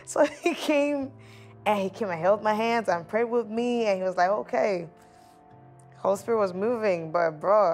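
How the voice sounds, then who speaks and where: A woman's voice: medium pitch, normal speed, darkish tone, faint music behind. A woman candidly recounting a hard time in her life, laughing at herself now and then. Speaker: interviewee. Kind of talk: personal testimony.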